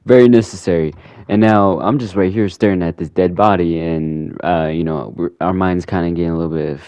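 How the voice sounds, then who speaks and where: A deep-voiced man casually recapping a game, rambling along with a lot of "you know". The sound is dry and close, with no room echo. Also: fairly even intonation, fairly quick, darkish tone, smooth. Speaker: gaming channel host.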